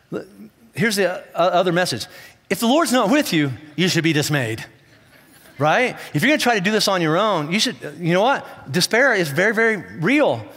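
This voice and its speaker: A man preaches to his congregation in a loose, conversational style, stumbling over restarts as he presses his point. His voice sits a little high for a man. The sound rings with the long reverb of a church hall. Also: fairly bright tone. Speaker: pastor. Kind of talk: sermon. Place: church auditorium.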